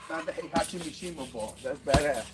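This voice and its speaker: Guy chatting between punches out in the yard, high swoopy voice, loud roosters and dogs in the background. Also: brisk, heavy background noise. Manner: loose, rambling, swears freely, laughs often. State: breathing hard from boxing bagwork. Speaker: fitness vlogger. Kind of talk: casual rambling talk during a workout. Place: outdoor home gym under trees on rural land.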